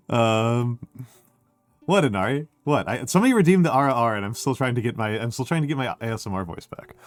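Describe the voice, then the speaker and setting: A man's voice: lowish voice, expressive, fairly quick, pauses often, no room sound, faint music behind. A middle-aged man streaming, with a scratchy throat, rambling casually and reading chat aloud. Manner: rambling, self-deprecating, reads chat aloud.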